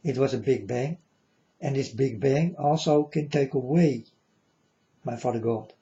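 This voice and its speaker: A man in a rambling monologue to his viewers, earnest and repetitive, with halting non-native phrasing. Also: medium pitch, mellow, dull audio. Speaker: vlogger addressing viewers.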